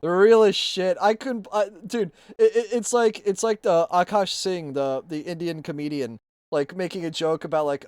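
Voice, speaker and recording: A man co-hosting a casual stream chat, joking around and breaking into loud outbursts and laughter. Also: sits high, steady tone, moderate pace, few pauses, smooth, dry recording, clean studio sound. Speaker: stream co-host.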